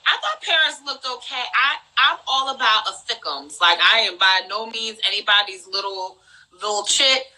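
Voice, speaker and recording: A woman's voice: mid-range voice, normal speed, pushed and bright, rough recording. A woman co-hosting a casual reality TV chat, talking loosely with lots of "like" and "um" fillers. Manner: chatty, frequent "like" and "um" fillers. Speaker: podcast co-host.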